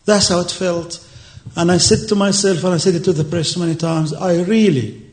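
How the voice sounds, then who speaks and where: Earnest man, fairly high voice. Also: steady tone. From Palestine. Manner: earnest, emotional, halting with repeated phrases. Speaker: activist speaker. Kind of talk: public speech on a panel.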